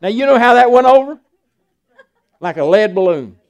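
A man's voice: very high voice, lively intonation, normal speed. An older man, a pastor preaching a folksy sermon and acting out Bible dialogue.

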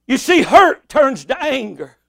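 A man preaching with fervor, his voice sitting very high for a man. He reads scripture steadily, then swells into shouts and cries. The sound is close and dry. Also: very animated, unhurried, vocal fry, no echo. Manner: impassioned, rising to shouts and cries. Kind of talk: sermon.

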